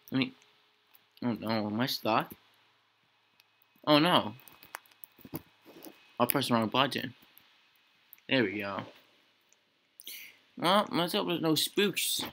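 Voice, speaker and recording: A man's voice: mid-range voice, vocal fry, pushed and bright. A young man giving casual, rambling commentary while playing a horror game, joking and acting spooked as he talks to himself. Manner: rambling, jokey, mock-scared talk to himself. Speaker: gaming channel host.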